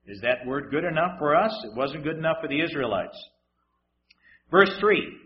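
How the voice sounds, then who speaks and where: A man preaching a sermon in a dramatic way, moving between loud emphasis and hushed asides with wry humor. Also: on the high side, animated, normal speed, muffled recording, a little hiss or hum.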